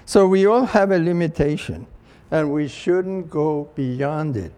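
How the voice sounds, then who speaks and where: Male preacher, slow measured sermon, slightly higher voice. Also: warm tone, clean tone. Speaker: church speaker.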